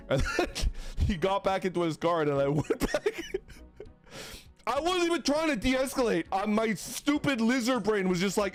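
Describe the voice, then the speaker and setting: A young man chatting on a stream with a lively, swooping delivery and a slightly high voice for a man. He rambles, laughs easily and swears now and then. Soft music plays behind him. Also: unhurried. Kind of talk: casual chat stream.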